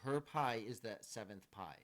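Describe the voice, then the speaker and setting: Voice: medium pitch, measured pace. A game master narrating a tabletop game in an easygoing way, with many fillers.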